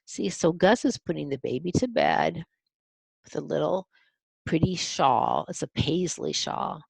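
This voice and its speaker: Husky woman reading a picture book. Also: low-pitched, lively intonation, unhurried, a little mellow, no room sound. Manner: explains the pictures to young listeners. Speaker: storybook reader.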